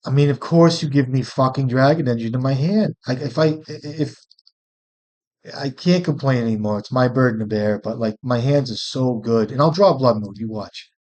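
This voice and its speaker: A man's voice: medium pitch, normal speed, a little mellow. Man muttering through a card game. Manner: profane, muttering, thinking aloud. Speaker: streamer playing a card game. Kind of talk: casual gameplay commentary.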